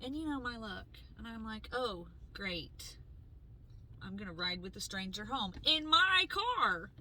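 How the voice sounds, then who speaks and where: Woman podcast host ranting through a story, bright voice, acts out everyone, swears a lot. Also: on the high side, unhurried, slight background noise, rough recording. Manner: animated, acts out quoted voices, swears freely. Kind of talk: casual storytelling chat.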